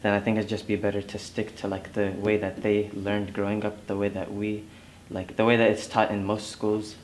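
Low-voiced young man, measured. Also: completely flat delivery, a little hiss or hum. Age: young adult. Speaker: student panelist. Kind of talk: casual panel discussion.

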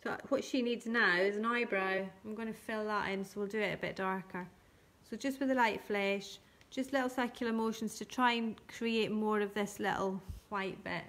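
A woman teaching colouring and shading on a live stream, talking gently step by step and thanking viewers by name. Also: mid-range voice, steady tone, normal speed, hardly any pauses. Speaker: craft tutor.

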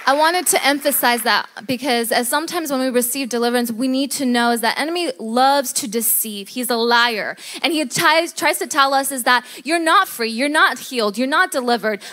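A woman's voice: high-pitched, normal speed, few pauses, pushed and bright. A woman interviewing a guest at church, speaking emphatically and preacherly, punctuating her points with amens. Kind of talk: faith testimony interview.

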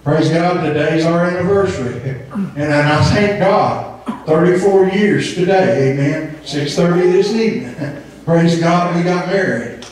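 A man's voice: a little high, measured pace, a little mellow. A man, preaching a fervent sermon full of amens and occasionally singing a phrase. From Southern Indiana. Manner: fervent, emphatic preaching with frequent amens, breaking into sung phrases. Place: church sanctuary. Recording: echoey church hall from far off.

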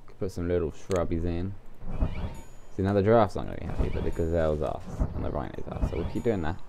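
A man's voice: sits low, quick pace, gravelly, noisy background. A man giving casual commentary while he plays a game, thinking aloud as he goes. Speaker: let's play gamer.

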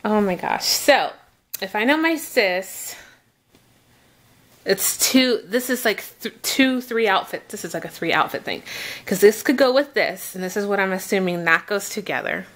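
A young woman gushing over gifts in an excited unboxing vlog, gasping and repeating exclamations of delight. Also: mid-range voice, moderate pace.

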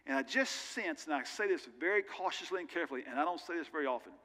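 Recorded in a church sanctuary with long, hall-sized reverb, a male pastor preaches fast in a slightly high voice that sounds pushed and bright. His intonation is lively, and his sermon stays earnest and conversational, with candid personal asides.

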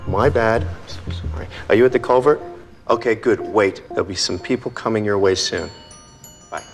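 An actor voices a cocky, playful police consultant in a TV drama, teasing and coaxing in a breezy manner. He speaks at a moderate pace with a fairly low voice close to everyday speech, in what sounds like a large hall, with faint film score music behind him.

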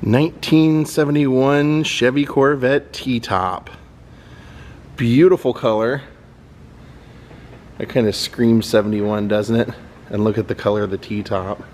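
A man's voice: medium pitch, steady tone, slow pace, pauses often, a little mellow. A man giving a casual, admiring walking tour of a car museum, thinking aloud as he goes. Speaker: vlogger touring a car museum.

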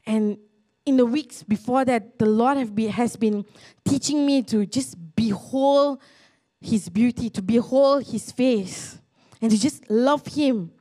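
A high-pitched young woman preaches a sermon. She tells her story earnestly, often restarting her sentences, and her voice climbs as she gets excited. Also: slow. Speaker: pastor. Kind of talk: sermon testimony.

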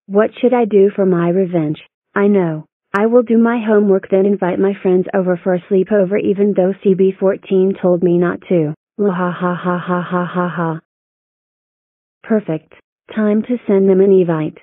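A bratty clone girl who sulks over missing out and plots revenge, as a woman voices her. Her delivery is flat and repetitive, at a middling pitch. The sound is thin and phone-like, with no room echo. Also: normal speed, hardly any pauses. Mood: scheming. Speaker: narrator and lead character.

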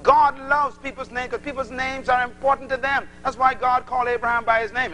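A man's voice: extremely high pitch, a little fast, hardly any pauses, a little hiss or hum, rough recording. A man preaching a sermon to a congregation, acting out little dialogues as he teaches. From Bahamas. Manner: animated, acts out little dialogues.

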